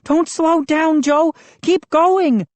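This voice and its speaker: A woman voicing a panicked young boy urgently shouting for help. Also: high-pitched, slow pace, no room sound, pitched above the performer's own voice.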